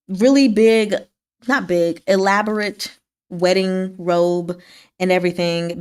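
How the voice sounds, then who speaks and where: A woman talking through a novel's latest chapters in a relaxed, conversational way. Her voice sits at an ordinary middle pitch, and she keeps it chatty and wry, breaking into laughs and snapping into quick voices for the characters. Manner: chatty and wry, laughs often, acts out quick lines from the story. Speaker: book discussion host. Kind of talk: casual book chat.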